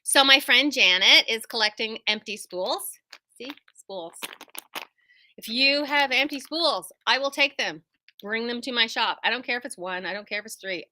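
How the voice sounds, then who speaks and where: A middle-aged woman who owns a quilt shop, chatting casually to viewers, wandering into tangents and poking fun at herself. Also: medium pitch. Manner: chatty, tangent-prone, self-deprecating, lively asides. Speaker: quilt shop owner and host.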